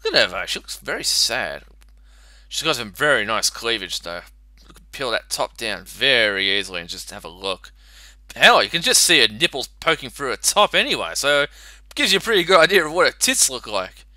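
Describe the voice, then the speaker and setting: A man's voice: medium pitch, big pitch swings, a little fast, pushed and bright, no echo. A man casually commentating on an old adventure game, chatty and crude. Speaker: let's play host.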